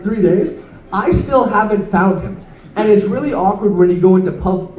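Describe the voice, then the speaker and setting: High-voiced young comic rambling on stage. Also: male voice, a little mellow. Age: late teens. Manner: rambling, self-deprecating, stumbling delivery. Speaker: stand-up comedian. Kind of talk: stand-up set. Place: comedy club stage. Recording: roomy club sound from far off.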